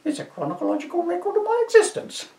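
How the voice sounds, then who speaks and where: A man voicing a shrill, indignant old village woman in a high, quavering crone voice. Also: wildly swooping pitch, quick pace, creaky, a little mellow, far from the mic, heavily acted. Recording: roomy echo, voice from off-mic.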